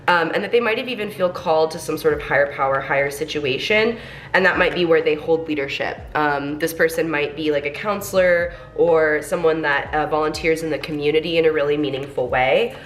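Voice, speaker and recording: A young woman with a low, stuffed-up voice reads tarot cards for her viewers. She chats casually and encouragingly, often pausing on "um" and "like". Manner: chatty, encouraging, filler-heavy. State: congested from a cold. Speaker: tarot reader.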